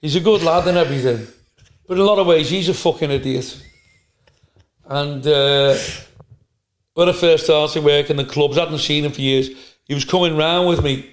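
A male stand-up comedian telling profane, animated anecdotes in a casual podcast chat. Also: fairly high pitch, normal speed, long pauses. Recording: roomy echo.

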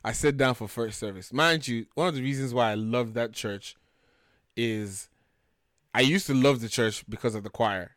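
A young man from Nigeria with a Nigerian accent, telling stories in a lively, joking way as a podcast co-host. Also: medium pitch, normal speed, no room sound, clean studio sound. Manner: animated, jokey, acts out quotes. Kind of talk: casual chat, storytelling.

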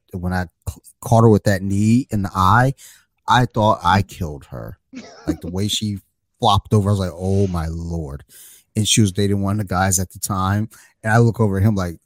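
A man's voice: on the low side, no echo. A man hosting a podcast, chatting casually and telling self-deprecating stories. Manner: relaxed, self-deprecating storyteller. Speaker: podcast host. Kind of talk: casual chat.

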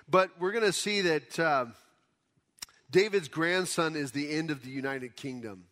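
Man, pastor, relaxed Bible teaching, fairly high voice, casual explaining. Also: a little slow. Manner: casual, explanatory, retells scripture in everyday words. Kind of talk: conversational Bible teaching sermon.

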